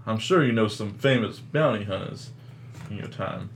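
A man voicing a dry, deadpan male bounty hunter in a tabletop game. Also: fairly low pitch, normal speed, slight background noise.

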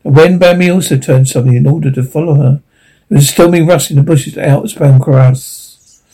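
A man narrates a storybook in a mellow, somewhat high voice. His reading is unpolished, with frequent restarts and small slips. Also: fairly quick, breathy edge, rough recording. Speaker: audiobook reader.

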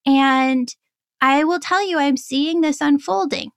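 A woman guest on a podcast interview, a spiritual teacher speaking in a slow, earnest, preaching way. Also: sits high, no echo.

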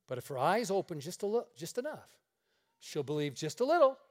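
A man's voice: sits high, big pitch swings, brisk. A male pastor preaching a storytelling sermon to a congregation, folksy and joking, acting out the dialogue. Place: church meeting room.

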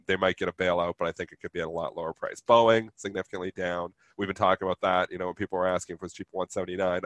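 Man, nasal from a sinus infection, low voice, dry sound, blunt market talk. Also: dry recording. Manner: blunt, emphatic. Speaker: co-host. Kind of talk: market commentary.

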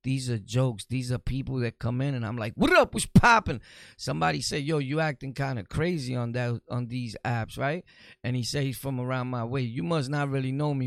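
A podcast host with a gravelly, middle-pitched voice addresses his listeners directly in a loose, rambling monologue answering comments, blunt and streetwise in tone. The recording is close and dry, with no room around it.

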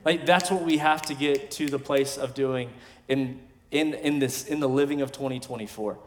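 Emphatic pastor in reverberant hall. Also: male voice, mid-range voice, moderate pace. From West Texas. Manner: emphatic preaching that swings between loud declarations and quiet asides. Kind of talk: sermon. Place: large church sanctuary. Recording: long hall reverb from a church sanctuary.

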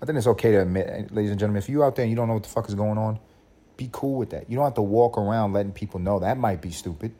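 A man's voice: on the low side, racing, dark tone. A man hosting a solo podcast, ranting in a profane, rambling way, laughing at his own points and slipping into mock voices. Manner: mock voices for quoted people. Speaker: podcast host.

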